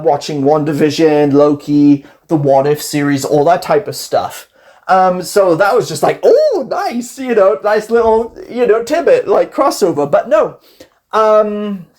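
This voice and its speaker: This is a casual, rambling commentary voice, animated and easily amused, that acts out scenes from a card game story with quick quoted voices. The pitch sits in a middle range.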